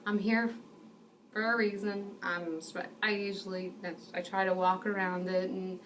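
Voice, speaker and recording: A woman's voice: mid-range voice, flat delivery, unhurried, a bit bright, recorded from a distance, a little hiss or hum. Earnest woman telling a faith story. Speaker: ministry speaker. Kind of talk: personal faith testimony.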